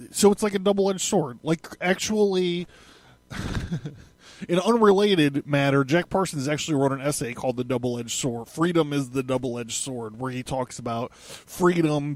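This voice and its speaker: Male podcast host, loose and profane, doubles back on himself, pitched a bit high. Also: no echo. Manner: rambling, profane, self-correcting. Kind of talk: casual podcast monologue.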